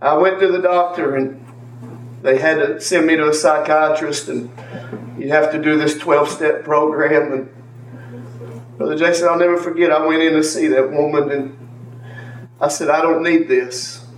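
A man's voice: fairly high pitch, steady tone, moderate pace, slight background noise. Man giving church testimony. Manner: earnest, repeats phrases, calls on congregation members by name. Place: church sanctuary. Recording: echoey church from far off with faint ambience.

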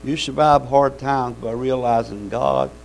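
A man's voice: mid-range voice, a little slow, gravelly, a little hiss or hum, rough recording. A man preaching a sermon in a folksy, fervent way, calling out amens and hallelujahs.

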